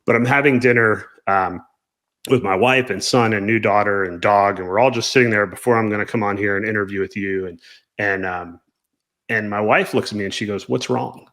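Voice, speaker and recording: A man in his thirties hosting an interview, earnest and halting with many restarts. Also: lowish voice, steady tone, fairly bright tone. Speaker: podcast host interviewer. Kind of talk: casual interview chat.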